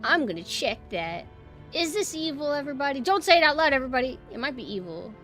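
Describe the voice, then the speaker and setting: A woman streaming a game and chatting casually with her viewers, swinging between quiet murmurs and loud exclamations. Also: high-pitched, big pitch swings, quick pace, soft background music. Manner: chatty, talks to chat directly. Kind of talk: casual gameplay livestream chat.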